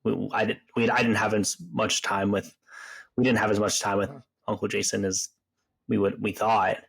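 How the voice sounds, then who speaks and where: A man's voice: fairly low pitch, little pitch movement, moderate pace, gravelly, husky, poor audio. A man hosting a podcast interview, reflective and sympathetic, often restarting his sentences. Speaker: podcast host. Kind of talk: interview conversation.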